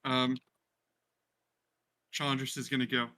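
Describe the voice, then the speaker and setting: Guy dm narrating a tabletop game, bright voice, chatty with lots of ums. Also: mid-range voice, level tone, a little slow, long pauses, clean tone. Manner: chatty, filler-heavy narration. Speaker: game master.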